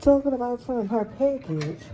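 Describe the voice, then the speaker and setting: Her voice warm, animated, and on the high side, a young Philadelphia woman vlogging from home retells a run-in at her door in an angry storytime rant. She swears and acts out the quoted dialogue at a normal speed, though the audio is poor.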